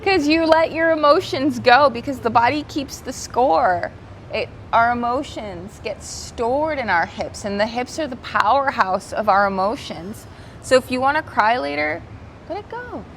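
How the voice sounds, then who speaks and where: A woman leads a guided yoga class with gentle, soothing cues, her voice sitting a little high. She talks outdoors by the sea, and faint background noise hangs under her words. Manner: slips into Spanish cues. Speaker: yoga instructor. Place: outdoors by the ocean.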